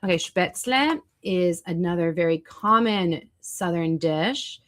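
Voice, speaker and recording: A woman's voice: fairly low pitch, animated, slow. A woman hosting a casual livestream, chatting with viewers and looking up foods online as she talks. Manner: chatty, reacts to chat and searches food online. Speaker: livestream host.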